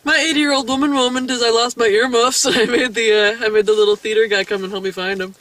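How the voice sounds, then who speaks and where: High, bright woman, playful and teasing. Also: steady tone, quick pace, recorded from a distance. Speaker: movie review co-host. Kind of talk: casual chat. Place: outdoors in the cold.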